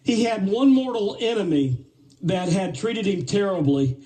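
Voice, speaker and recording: A man telling a parable live, animated and playful, with asides to his listeners. His voice is mellow and fairly high. He stands well back from the mic. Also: measured pace, far from the mic, poor audio. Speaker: storyteller.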